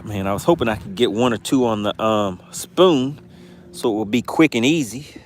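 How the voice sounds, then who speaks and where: A man's voice: fairly low pitch, moderate pace, a little hiss or hum. Georgia man hosting a fishing livestream. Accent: Southern US, Georgia. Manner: chatty, reads viewer comments aloud with amused asides. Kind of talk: casual livestream chat reading comments. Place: on a boat on a lake outdoors.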